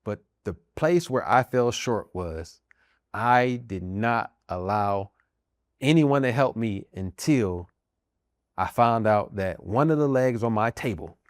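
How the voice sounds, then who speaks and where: A man's voice: medium pitch, no echo, studio quality. A middle-aged American man and army veteran sharing his own story in an earnest, emphatic way, driving home key phrases by repeating them. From United States. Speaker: podcast host, army veteran and minister. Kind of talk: personal testimony talk.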